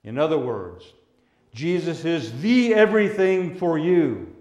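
A man preaching a sermon as pastor. He speaks in a measured way and draws out the words he wants to stress. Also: a little high, animated, darkish tone, lo-fi sound. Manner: measured, with drawn-out emphasis on key words. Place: church sanctuary. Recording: echoey church room.

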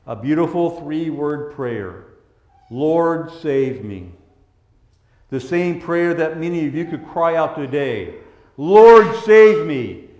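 A male pastor delivering a sermon with a fairly high voice and a slow, unhurried pace. He moves between soft, hushed reassurance and raised, emphatic declarations. The sound carries the echo of a roomy space. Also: lo-fi sound.

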